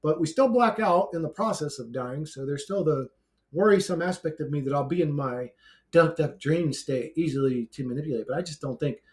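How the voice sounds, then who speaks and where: A man's voice: mid-range voice, darkish tone. A man giving a brash, blunt, profane ranting monologue to his own channel, laughing between outbursts. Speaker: YouTuber.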